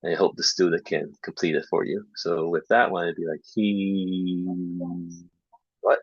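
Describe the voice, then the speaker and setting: A man giving a casual online lesson on speaking feedback, talking in a relaxed way with lots of fillers and repeating student errors to demonstrate them. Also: sits low, fast, breathy edge, dry recording. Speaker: English teacher trainer. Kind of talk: casual online teaching talk. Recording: dull lo-fi dry online recording.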